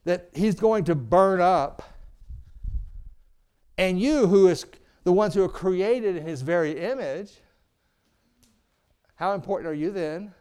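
A middle-aged man preaching a sermon, calling for amens and swinging from booming to hushed. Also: slow pace, pauses often, clear, resonant tone. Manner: preaching with call-and-response, asking "Amen?". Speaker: pastor.

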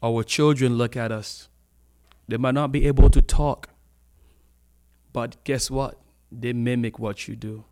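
A man's voice: medium pitch, fairly even intonation, unhurried, long pauses, warm tone. A man preaching a sermon in a church, talking in a loose conversational way, laughing often and stretching out the words he wants to stress.

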